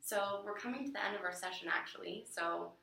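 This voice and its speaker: A woman's voice: medium pitch, fairly quick, vocal fry, sharp tone. A woman counselor who asks probing questions and offers encouragement in a counseling session. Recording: echoey room, mic far off.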